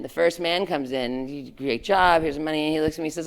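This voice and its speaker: Frank middle-aged woman with gravelly fry. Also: deep voice, a little fast. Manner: frank and animated, peppered with "like" and "right?". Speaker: guest speaker, former tech executive. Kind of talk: candid storytelling talk to students.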